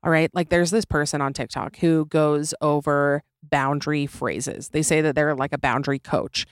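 A woman's voice: deep voice, fairly even intonation, normal speed, clear, resonant tone, no room sound. A young woman hosting a comedy podcast, talking in an opinionated, sarcastic way and laughing easily, recorded close in a small room. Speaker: podcast host. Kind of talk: casual comedic podcast monologue.

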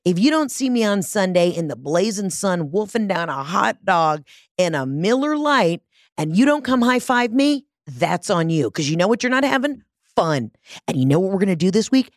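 A woman's voice: on the low side, sing-song, normal speed, dry recording. A woman, hosting her own podcast in a brash, profane, rambling comedic monologue, speaking into a studio mic. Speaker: podcast host. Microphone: studio mic with large headphones.

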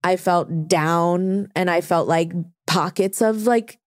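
A woman in her thirties hosting a podcast, talking candidly in casual chat, swearing and speaking in quick bursts. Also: lowish voice, dry recording, studio quality. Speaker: podcast host.

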